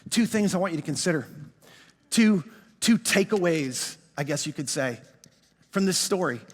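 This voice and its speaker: A middle-aged male pastor telling a story in a sermon, animated and self-mocking, then dropping into quiet reflection. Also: a little high, moderate pace. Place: large church auditorium. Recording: long hall reverb.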